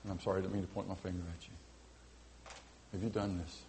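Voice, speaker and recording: A man's voice: deep voice, level tone, quick pace, vocal fry, slight background noise. Earnest preaching pastor, man. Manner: earnest preaching, rising to fervent cries and dropping to quiet appeals. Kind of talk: sermon. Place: church sanctuary with balcony.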